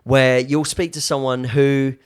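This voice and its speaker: A young British man co-hosting a podcast, chatting in an animated, hesitant way. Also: mid-range voice, unhurried, smooth. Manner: animated, hesitant, many fillers and restarts. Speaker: podcast co-host. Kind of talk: casual chat.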